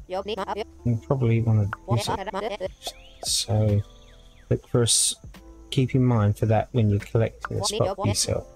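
In a mid-range voice with vocal fry, a male gaming video creator gives casual let's-play commentary. He thinks aloud as he plays and reads out the on-screen text.

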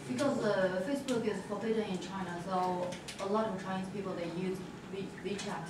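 A woman's voice: medium pitch, steady tone, a little fast. A woman student answering a question in class, hesitant and explanatory. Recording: very echoey room, distant, noisy.

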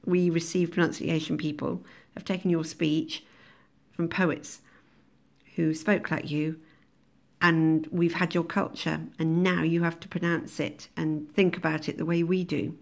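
A woman's voice: low voice, little pitch movement, measured pace, gravelly. A woman putting on the voice of a posh, clipped, condescending male teacher while reading a poem aloud. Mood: scornful. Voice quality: clipped and assured.

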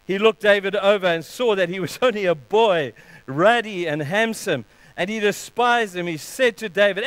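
Smooth-voiced preacher delivering a sermon. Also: male voice, high voice, normal speed, dry recording, poor audio. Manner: earnest, animated storytelling. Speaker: pastor.

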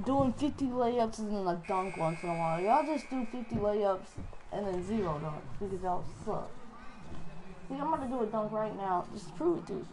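A woman giving live commentary over a basketball video game, excitable and playful, trash-talking the players. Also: medium pitch, fairly quick, background noise. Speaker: gaming channel host.

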